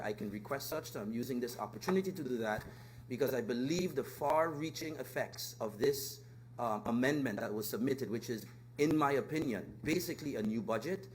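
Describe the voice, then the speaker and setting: A male legislator makes a formal proposal in a parliamentary chamber, speaking steadily and stopping often to hesitate. The archive clip carries a faint hum underneath. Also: medium pitch. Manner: measured, formal, with frequent hesitations. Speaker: member of parliament.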